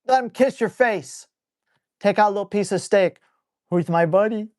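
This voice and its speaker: Casual and blunt, this dog trainer curses freely as he reads out viewer questions and answers them off the cuff during a live Q&A stream. His high voice is a little mellow and moves at normal speed, in a dry, studio-quality recording.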